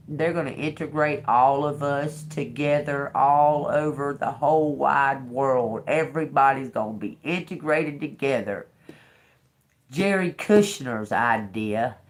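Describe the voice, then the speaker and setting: A woman giving a casual livestream tarot reading to her viewers, chatty, laughing often and swearing freely. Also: extremely low pitch. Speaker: tarot reader.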